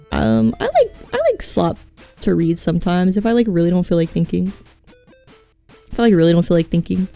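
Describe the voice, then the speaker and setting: A woman's voice: mid-range voice, dark tone. Scratchy-voiced woman streamer, rambling. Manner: rambling, profane and self-mocking. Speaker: VTuber streamer. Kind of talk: casual live-stream chat.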